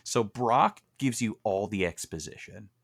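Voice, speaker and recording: A man co-hosting a podcast, retelling a film in an animated, profane way. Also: lowish voice, unhurried, vocal fry. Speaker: podcast co-host. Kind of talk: casual chat.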